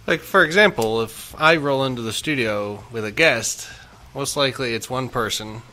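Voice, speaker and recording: Brash man with a bright, forceful voice. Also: medium pitch, normal speed. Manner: brash, swaggering, heavy swearing. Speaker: radio show co-host. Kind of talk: casual profane radio chat.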